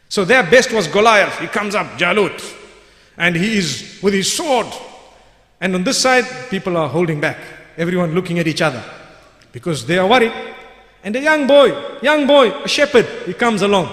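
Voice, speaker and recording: An Islamic preacher delivers a sermon, telling a story vividly and emphatically and repeating key phrases for weight. His voice sits high with a fairly bright tone. The recording is in an echoey hall with long reverb.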